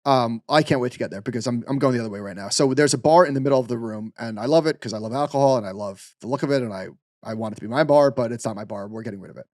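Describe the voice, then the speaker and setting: Fast-talking man on a podcast. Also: medium pitch, no echo, clean studio sound. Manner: animated storyteller, lots of fillers. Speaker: podcast co-host. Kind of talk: casual podcast chat.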